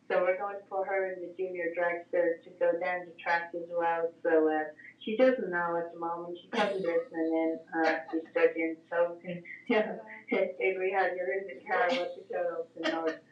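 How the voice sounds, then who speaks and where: A woman's voice: lowish voice, echoey room, distant mic, dull audio. A woman with an Irish accent, a guest on a call-in show, telling a rambling story full of fillers. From Ireland. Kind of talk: casual chat on a call-in show.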